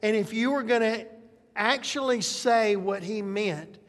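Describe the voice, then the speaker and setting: Slow, conversational preacher in a reverberant hall. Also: medium pitch. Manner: conversational, checks in with tag questions. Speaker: pastor. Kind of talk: sermon.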